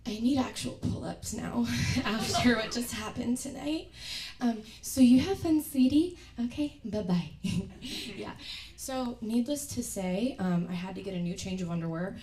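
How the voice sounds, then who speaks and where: Young woman, comic storyteller, high and lively, roomy distant stage sound. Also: unhurried. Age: young adult. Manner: animated, acts out scenes with loud yells. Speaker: student performer. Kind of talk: stand-up storytelling. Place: acting studio stage.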